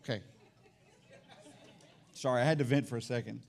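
A man's voice: mid-range voice, steady tone, very fast, vocal fry, darkish tone, some chatter behind. Emphatic preaching pastor, a man. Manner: preachy, emphatic, repeats key phrases. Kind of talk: sermon. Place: church.

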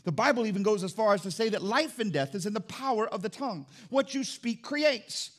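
A man's voice: high-pitched, animated, fast. A middle-aged man preaching a sermon in church as pastor, emphatic and repeating his key phrases.

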